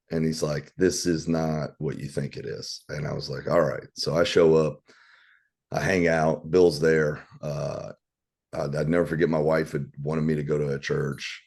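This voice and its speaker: His voice rumbles low, husky and a little mellow, as he teaches Bible study in a laid-back way. The man drifts into candid, rambling stories with some swearing mixed into his preaching.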